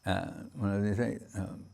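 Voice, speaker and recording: A man, a spiritual teacher, giving a sermon on scripture in a halting way, reciting verses and restarting often. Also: fairly low pitch, vocal fry, mellow, slightly rough.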